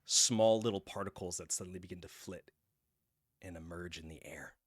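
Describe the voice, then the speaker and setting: A man running a tabletop game as game master, narrating a horror scene in vivid detail, often hushed, with fillers. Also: sits low, normal speed, breathy edge. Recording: music underneath.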